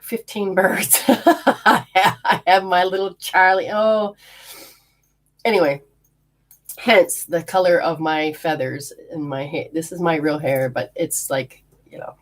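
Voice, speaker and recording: A woman's voice: low-pitched, steady tone, normal speed. A woman hosting a casual live spirit reading, rambling, laughing often and acting out what the spirits say. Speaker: spiritual healer and medium.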